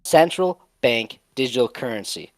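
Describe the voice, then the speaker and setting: A man's voice: medium pitch, expressive, moderate pace, no room sound. Blunt male co-host, dry sound. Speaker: livestream co-host. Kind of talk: casual livestream chat.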